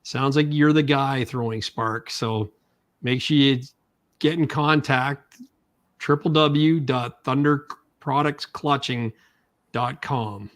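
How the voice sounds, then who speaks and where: A man hosting a casual podcast chat, halting and relaxed, reading out listener comments. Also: mid-range voice. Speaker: podcast host.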